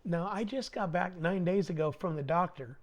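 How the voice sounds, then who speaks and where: Brief: middle-aged male guest, animated storyteller, slangy, slightly high voice. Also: normal speed. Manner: animated, slangy, acts out dialogue. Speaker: podcast guest. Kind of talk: casual storytelling.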